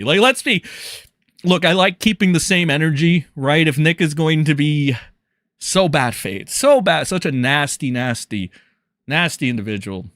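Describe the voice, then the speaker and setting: Man, stream commentator, crude mocking tone, animated pitch, sharp bright timbre. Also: no room sound, clean studio sound. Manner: mocking and crude, with frequent laughter and swearing. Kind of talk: profane live-stream commentary.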